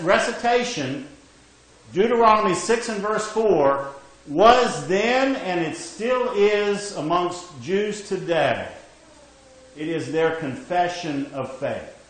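A man's voice: high voice, fairly bright tone. Emphatic male preacher in a very echoey hall. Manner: emphatic, rising and falling, frequent "okay?" check-ins. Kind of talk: sermon.

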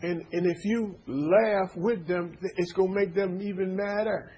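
A man's voice: high voice, fairly even intonation, unhurried, darkish tone, breathy edge, highs cut off. A man preaching an informal sermon, stammering through repeated words and checking in with his listeners. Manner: stammering repetitions, call-and-response asides.

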